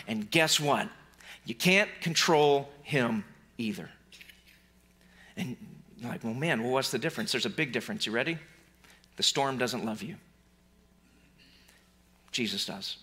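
A man's voice: medium pitch, sharp tone. A man preaching a sermon to his congregation in a church, conversational and emphatic, repeating key lines. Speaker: pastor.

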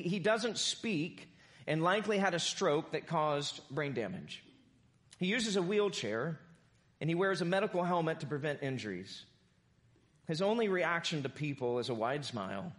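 A male pastor delivers a lively sermon to his congregation. His voice sits high for a man. He mixes jokes into the preaching and keeps calling for amens. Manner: animated, joking preacher with congregation call-and-response. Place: church sanctuary.

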